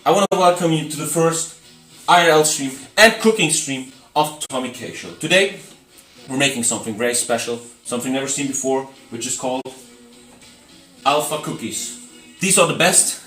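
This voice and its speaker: A man's voice: mid-range voice, normal speed, pushed and bright, faint music behind. A man for whom English is not his first language, hosting a casual cooking stream in a brash, teasing, mock-boastful way. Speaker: cooking show host.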